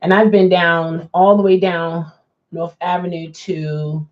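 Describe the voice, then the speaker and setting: A woman's voice: fairly low pitch, level tone, slow pace. A woman, a rideshare driver chatting casually with viewers, rambling and restarting her sentences. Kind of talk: casual live chat, answering viewers. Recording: dull lo-fi sound.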